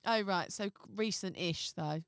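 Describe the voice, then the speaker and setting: A woman co-hosting a comedy podcast, throwing in sassy jokes and quick interjections. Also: lowish voice, a bit bright, no echo, studio quality. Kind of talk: casual banter.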